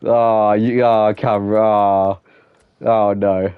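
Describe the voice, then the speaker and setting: A man's voice: medium pitch, expressive, moderate pace, no echo, phone-quality sound. A young man streaming a game, chatting casually with viewers in a rambling way, filling his talk with "like" and breaking into laughter. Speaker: gaming streamer. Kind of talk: casual live-stream chat while playing.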